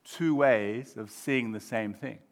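A pastor in his fifties preaches a sermon at a slow pace in a mid-range voice. He moves from quiet reflection into loud, emphatic exclamations.

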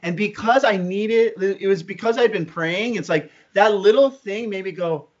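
A man's voice: sits high, normal speed. A man co-hosting a casual spiritual podcast, talking in a rambling way and often restarting his sentences. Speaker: co-host. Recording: dull lo-fi sound.

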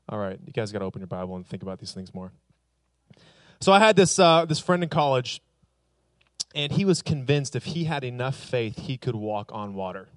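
A man's voice: medium pitch, no room sound. A young man giving a casual, joking sermon to a youth group. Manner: joking, chatty, conversational. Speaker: youth pastor.

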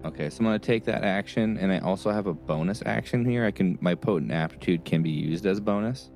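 A man playing in a tabletop game, talking in halting, restarting phrases. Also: low voice, a little mellow, soft background music. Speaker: player. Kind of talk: casual tabletop play.

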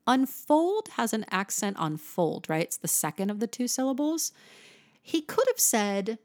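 A woman teaching a lesson on song lyrics, talking in an animated way and singing short snippets to show her points. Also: fairly high pitch, measured pace, no room sound, clean studio sound. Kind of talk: explanatory lesson.

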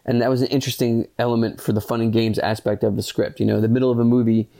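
Gravelly, rambling male podcast host. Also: medium pitch, quick pace. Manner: rambling, many fillers, earnest and excitable; swears casually. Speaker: podcast host reviewing a film. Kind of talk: casual solo chat.

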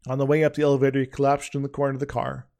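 Male amateur author narrating his story; mid pitch, plain, casual, slips kept in. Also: completely flat delivery, racing, vocal fry, a little mellow. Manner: plain reading with frequent slips and restarts.

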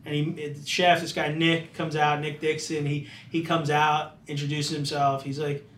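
A man's voice: fairly high pitch, level tone, moderate pace, a bit bright, a little hiss or hum. A man telling a story in a casual, rambling way, full of "like" fillers, as a chef being interviewed. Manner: loose, rambling, many "like" fillers. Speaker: chef guest. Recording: roomy, distant mic.

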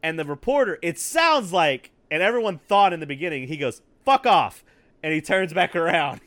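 A man's voice: a little high, a little fast. A man co-hosting a podcast, chatting casually with lots of swearing and laughter. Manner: profane, laughing, animated storytelling. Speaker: podcast co-host. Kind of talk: casual chat.

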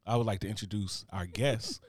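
A man's voice: lowish voice, a little fast, no echo, studio quality. A man in his thirties from Newark, New Jersey, hosting a casual podcast, swearing freely and joking as he tells stories. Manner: profane, joking, animated storytelling. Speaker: podcast host. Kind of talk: casual chat.

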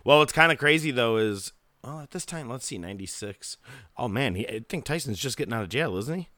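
A man co-hosting a podcast, chatting about wrestling in an animated, jokey way. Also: medium pitch, a little fast, dry recording. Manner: animated, jokey, does impressions. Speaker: podcast co-host. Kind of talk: casual wrestling chat.

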